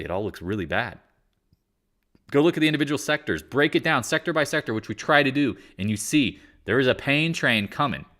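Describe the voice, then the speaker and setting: A man's voice: on the low side, bright, forceful tone. A man hosting a casual live market chat, talking in a blunt, rambling and exasperated way. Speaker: market commentary host.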